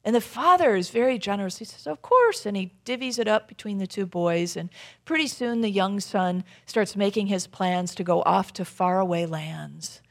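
A woman's voice: mid-range voice, moderate pace, creaky. A woman giving a conversational sermon, storytelling and asking the audience questions.

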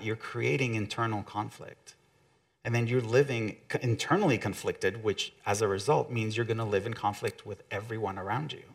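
Gravelly man giving a motivational talk. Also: on the low side. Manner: conversational, with acted-out quotes.

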